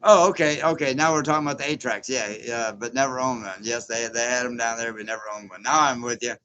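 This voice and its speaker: A man's voice: mid-range voice, fast talker, bright, forceful tone, slight background noise. A man in his sixties chatting casually as host of a livestream, reading viewer comments aloud, rambling and chuckling often. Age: 60s. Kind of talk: casual live chat.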